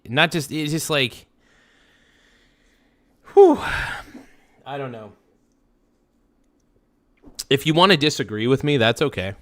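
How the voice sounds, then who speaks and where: A man's voice: mid-range voice, fairly bright tone. Heated man ranting on a live stream. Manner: heated, profane, repeats himself, swings between muttering and outbursts. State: upset. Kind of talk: angry live-stream rant.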